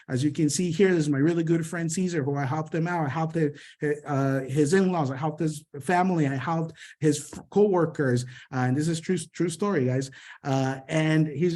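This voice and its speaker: Fast-talking energetic male sales trainer. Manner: energetic, repeats "right?" and "boom", rapid delivery.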